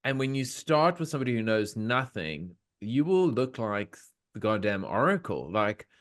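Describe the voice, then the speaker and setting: A man's voice: lowish voice, normal speed. Male podcast host, enthusiastic and casual over a call. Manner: animated, enthusiastic, swearing. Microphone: video call.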